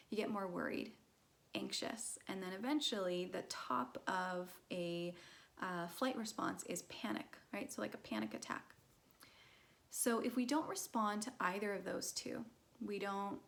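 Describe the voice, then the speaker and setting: A woman's voice: mid-range voice, vocal fry. A woman teaching a casual mindfulness lesson in a chatty way, with frequent laughs and fillers.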